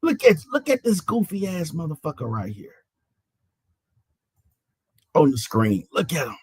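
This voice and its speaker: A man's voice: on the high side, wildly swooping pitch, a little slow, darkish tone, breathy edge, no echo. A man hosting an online panel, ranting in a mocking, profane way, stammering and repeating his phrases. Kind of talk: heated live-stream rant.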